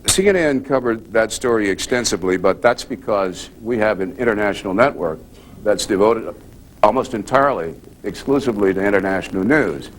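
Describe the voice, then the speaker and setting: An older man, a journalist, answering questions at a press club and telling a story in a measured, deliberate way. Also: fairly low pitch, lively intonation, slight background noise. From United States. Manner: measured, deliberate, with pauses and restarts. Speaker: guest speaker, journalist.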